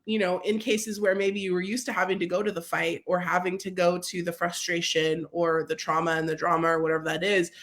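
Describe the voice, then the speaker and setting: A woman's voice: medium pitch, a bit bright. A woman on a video call talking enthusiastically in casual conversation, with lots of filler words. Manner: enthusiastic, many fillers, speaks of energy and joy.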